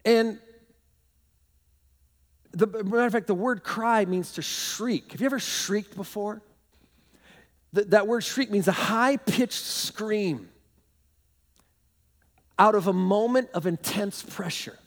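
High-pitched guy preaching, big animated storyteller, long echo like a big church. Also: slow, pauses often. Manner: animated storytelling with shouted shrieks and laughs. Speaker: pastor. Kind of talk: sermon. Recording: long hall reverb.

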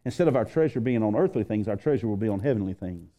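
A male pastor delivers a sermon in a warm, mellow voice. He builds intensity and repeats key phrases for emphasis. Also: lowish voice, expressive, quick pace.

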